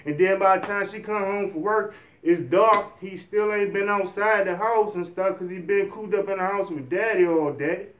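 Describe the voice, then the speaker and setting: A man's voice: high voice, normal speed, hardly any pauses, fairly bright tone, roomy sound, recorded from a distance. A young man talking earnestly in a rambling, encouraging vlog, often restarting his sentences. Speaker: vlogger. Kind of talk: motivational vlog talk.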